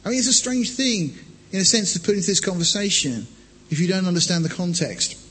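Male preacher, slightly high husky voice, measured scripture reading, reverberant hall sound. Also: sing-song, sharp tone. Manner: measured expository preaching, reads scripture aloud then comments.

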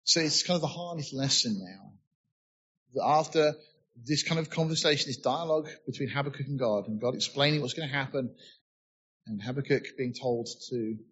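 A man preaches an earnest, expository sermon, often asking his listeners rhetorical questions. His voice sits a touch high and has a husky edge. The recording sounds slightly muffled. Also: a bit bright.

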